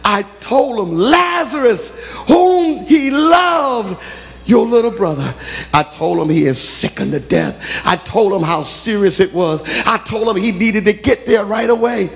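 A man's voice: high-pitched, animated, a little slow, creaky, big-room sound, voice pushed up, heavily acted. A man doing a breathless anxious messenger. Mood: urgent. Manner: urgent, earnest, out of breath.

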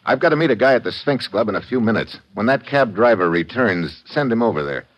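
A man acts out a tough American private eye, narrating in clipped, hard-boiled lines. His voice is low with a lively range. The sound is dull and dated, with loud music under it. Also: a little fast, lightly acted. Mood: gruff. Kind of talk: 1940s radio drama narration. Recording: dull old radio recording with music.

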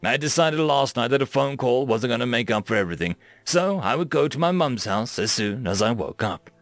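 A young man reads a fantasy story aloud in an animated way, acting out the lines. His pitch moves a lot, and his voice has a gravelly grain. The recording is dry and close. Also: a little fast, dry recording. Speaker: narrator.

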